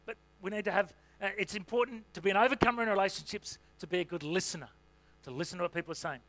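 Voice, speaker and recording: A senior pastor preaches in a relaxed, conversational style, filling his sermon with "you know." His voice sits high and he races along.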